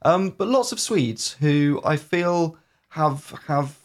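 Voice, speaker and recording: A man's voice: fairly high pitch, animated, slow. A man co-hosting a podcast in casual chat, teasing and cheeky, sharing one microphone with his co-host. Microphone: one microphone shared between two.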